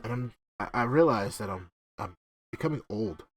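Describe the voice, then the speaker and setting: Animated, swearing young podcast host. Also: male voice, lowish voice, moderate pace, husky. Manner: profane, excitable, laughs often. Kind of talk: casual gaming-friends chat.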